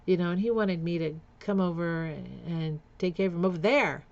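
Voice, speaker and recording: A woman's voice: on the low side, normal speed, a little mellow, highs cut off. A woman vlogger candidly telling a painful family story, with nervous laughs and repeated words. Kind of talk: personal storytelling vlog.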